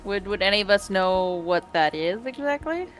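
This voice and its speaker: A woman's voice: mid-range voice, lively intonation, normal speed, soft background music. A woman playing in a tabletop game, asking careful questions. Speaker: player. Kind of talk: casual tabletop game chat.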